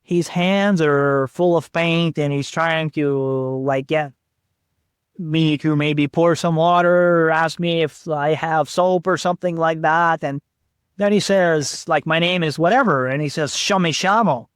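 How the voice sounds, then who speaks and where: A man's voice: on the high side, fairly even intonation, takes it slowly, clear, resonant tone, dry recording, studio quality. A man hosting a podcast, telling travel stories in a laid-back casual way, swearing and saying "dude.". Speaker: podcast host. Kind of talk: casual storytelling chat.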